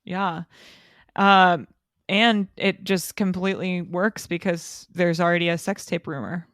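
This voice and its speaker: A woman's voice: fairly low pitch, steady tone, a little slow, a bit bright, dry recording, clean studio sound. A woman co-hosting a casual podcast, chatty and giggly, with lots of "like" fillers. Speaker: podcast co-host. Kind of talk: casual chat.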